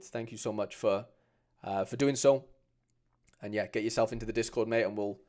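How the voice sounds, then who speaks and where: A man's voice: on the low side, a little mellow. A man chatting informally on a live stream, answering viewers with frequent restarts and slang. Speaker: streamer reviewing fan card collections. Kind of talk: casual live stream chat.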